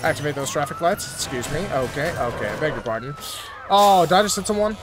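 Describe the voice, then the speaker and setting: A young man giving goofy, excitable commentary over his own video game playthrough, joking with his viewers. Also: fairly high pitch, fast talker, noisy background. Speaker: gaming YouTuber. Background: game music and sirens.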